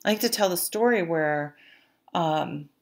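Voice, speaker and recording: A woman's voice: fairly low pitch, unhurried. A woman giving a casual tarot reading, chatty, with lots of fillers and restarts, and now and then laughing at her own stories. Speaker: tarot reader.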